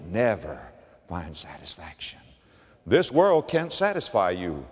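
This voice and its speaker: An older man, a pastor, preaching a sermon with dramatic swings from emphatic peaks to low, quiet lines. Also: sing-song, slow pace, long pauses. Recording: long hall reverb.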